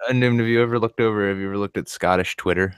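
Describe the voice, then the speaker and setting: A man's voice: lowish voice, steady tone, quick pace, clean tone, dry recording, clean studio sound. A man in his thirties hosting a live stream, chatting casually and rambling through stories. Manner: rambling storyteller who mimics accents. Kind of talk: casual podcast chat.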